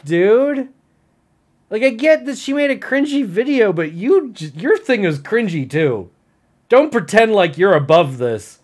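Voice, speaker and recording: A man's voice: a little high, darkish tone. A stoned man vlogging live, reacting to a video in an irritated, rambling, profane rant.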